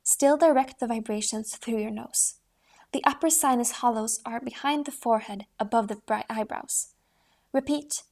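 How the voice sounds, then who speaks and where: Reading from a voice training book, a woman speaks at a moderate pace with her voice set slightly high. Her delivery is steady and instructional, and now and then she sings rising tones to demonstrate the exercises.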